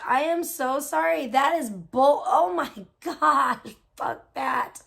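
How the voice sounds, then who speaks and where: A woman's voice: high-pitched, slow, gravelly, few pauses, a bit bright. A woman hosting a casual livestream, gossiping and reacting to chat, swearing freely. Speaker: livestream host.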